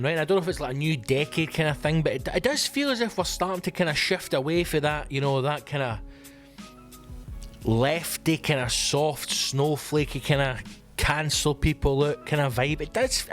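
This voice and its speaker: A man's voice: a little high, moderate pace, faint music behind. Sweary ranting Scottish man. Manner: sweary, ranting, animated storytelling. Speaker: comedian podcast host. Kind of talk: casual comic monologue.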